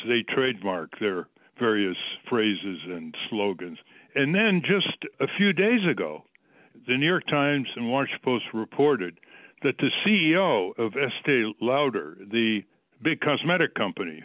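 A man's voice: medium pitch, no room sound. A man hosting a radio talk show, interviewing a guest and arguing his case in numbered, emphatic points. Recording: dry tinny phone-like line.

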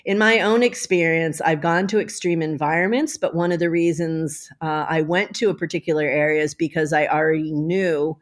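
A woman scientist answering interview questions from home, thoughtful and measured. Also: low-pitched. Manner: thoughtful, measured, with small restarts. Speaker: scientist guest. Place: home with a dog.

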